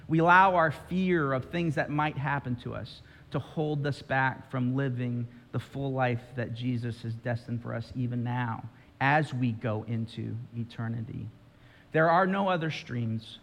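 A man's voice: medium pitch, creaky. A male pastor preaching a sermon, telling a story with drama and speaking directly to his listeners. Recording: reverberant hall.

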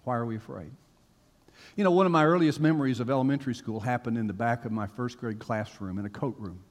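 A man preaching a sermon to a congregation, telling stories with animated swings from hushed to loud. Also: medium pitch, fast talker. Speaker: pastor. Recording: long reverb of a large hall.

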